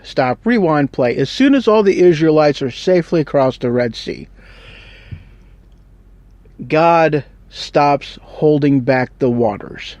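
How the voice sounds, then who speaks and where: A man's voice: on the high side, expressive, takes it slowly, a little mellow, dry recording. Laid-back slangy man retelling a Bible story. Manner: rambling, joking, slangy. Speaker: Bible teacher.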